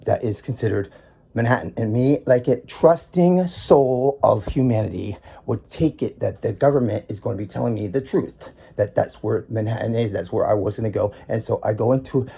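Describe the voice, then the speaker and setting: A man's voice: fairly low pitch, normal speed, vocal fry, mellow, breathy edge. An American man in his small bedroom, filming an angry vlog rant on his phone, agitated and profane, with stammering restarts. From United States. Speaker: tenant filming a complaint video. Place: small apartment bedroom, indoors.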